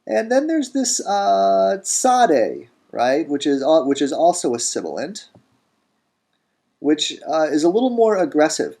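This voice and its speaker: A male language teacher gives a grammar lesson in a recorded lecture, deliberately pronouncing each word form slowly and repeating it. His voice is on the high side, sing-song and warm, with vocal fry.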